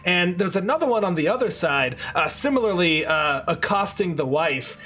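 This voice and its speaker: A man narrating a tabletop game as game master, descriptive and halting, with frequent fillers and restarts. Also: sits high, expressive, pushed and bright, a little hiss or hum.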